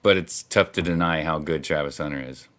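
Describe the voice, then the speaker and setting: A man's voice: extremely low pitch, a little fast, a bit bright. A man on a casual sports talk panel over a remote call mic, playful and teasing.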